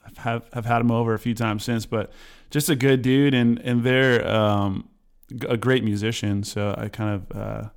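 A man hosting a podcast in a relaxed, joking way, with lots of fillers and restarts. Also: medium pitch, moderate pace, clear, resonant tone. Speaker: podcast host. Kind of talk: casual interview chat.

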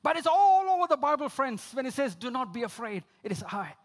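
A man preaching a sermon, repeating key phrases, calling listeners friends, and swinging between emphatic outbursts and low, quiet lines. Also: sing-song, fairly quick. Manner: rises to emphatic high exclamations, drops low for quoted lines.

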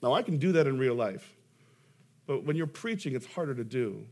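Young male pastor, mid-pitched, preaching with lively, self-deprecating stories and emphatic peaks. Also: normal speed. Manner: animated storytelling, self-deprecating humor, emphatic rises. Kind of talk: sermon.

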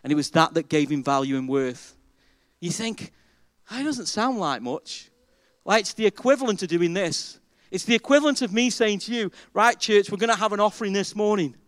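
A man preaching a sermon as pastor, emphatic and animated, asking the congregation rhetorical questions. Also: high voice, normal speed, no room sound. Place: church.

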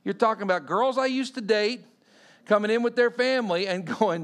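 A Texan pastor in his forties preaches a sermon, telling a personal story and acting out the people he quotes. His delivery swings between loud and hushed. His voice is high and clean in tone, and he speaks fairly quickly.

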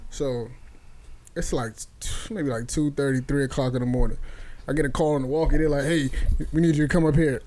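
Higher-voiced male podcast host; animated, profane, laughing storyteller. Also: a little fast, slight background noise. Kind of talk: casual storytelling.

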